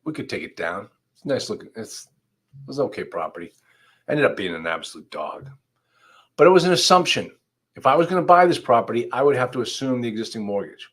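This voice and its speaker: In a brisk, sing-song manner and a fairly bright, medium-pitched voice, a man presents a livestreamed law class. The attorney host addresses viewers head-on, conversational and emphatic.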